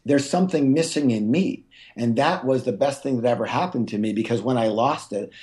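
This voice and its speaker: A man guest on an interview, telling a personal story, often stumbling and restarting and jumping up in pitch when he acts out what was said. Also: brisk. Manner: animated, acts out quotes with big pitch jumps. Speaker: guest author.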